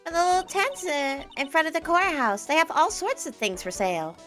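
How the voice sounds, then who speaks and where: A woman voicing an excitable, goofy young man, talking loudly and excitedly. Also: very high-pitched, normal speed, soft background music, pitched above the performer's own voice. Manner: excited and loud.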